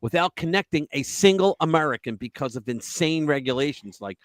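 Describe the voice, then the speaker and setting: A man with a fairly high voice talks briskly, with no echo, while hosting a live political commentary stream. He's animated and sarcastic, tossing in mocking asides and putting on mocking voices.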